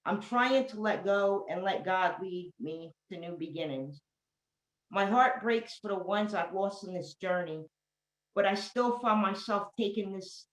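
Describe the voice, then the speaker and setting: Earnest New York woman reading poetry. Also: mid-range voice. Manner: earnest, rhythmic, heartfelt. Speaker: poet in recovery. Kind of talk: spoken word poetry reading. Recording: roomy echo.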